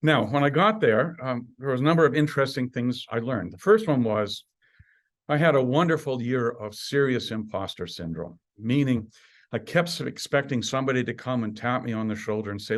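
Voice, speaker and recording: A man in his sixties from Canada, a university administrator giving an alumni talk with wry humor and lively emphasis. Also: mid-range voice, a little fast. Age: 60s. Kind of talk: prepared talk.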